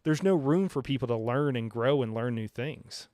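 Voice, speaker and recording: A man's voice: mid-range voice, lively intonation, normal speed, a little mellow, no room sound. Guy streamer rambling about a game, chuckles a lot, mid voice, dead dry sound. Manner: rambling, filler-heavy, chuckles often. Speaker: live-stream host. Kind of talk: casual gaming reaction chat.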